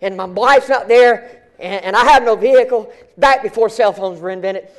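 A middle-aged male pastor telling a story in a sermon, animated and colloquial, often repeating and restarting his words. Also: sits high, moderate pace.

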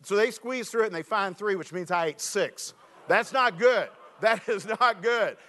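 A preacher man with a fairly high voice gives an animated, storytelling sermon and reads scripture aloud. His voice sounds a little weak and worn. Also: moderate pace. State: slightly weak voice. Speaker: pastor.

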